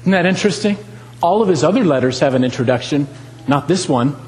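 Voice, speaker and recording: A man's voice: on the high side, expressive, quick pace, a little mellow, in a large hall, poor audio. A man preaching a sermon, talking with animation, asking the congregation questions and repeating lines for emphasis.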